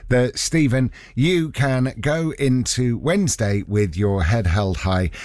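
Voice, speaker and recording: A man's voice: medium pitch, slow pace, darkish tone, no echo, studio quality. A man co-hosting a breakfast radio show, cheery and teasing as he banters with his co-host. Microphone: studio radio mic.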